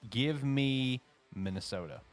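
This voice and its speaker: A man co-hosting a casual sports show, animated and joking, laughing often. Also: mid-range voice, slow. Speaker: podcast co-host.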